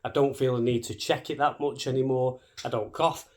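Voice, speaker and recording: A man, chatting straight to camera at a quick clip. He is cheeky and sweary, with a middle-range voice. He keeps a joking, casual tone throughout. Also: mid-range voice, fairly even intonation, darkish tone. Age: 30s. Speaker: vlogger.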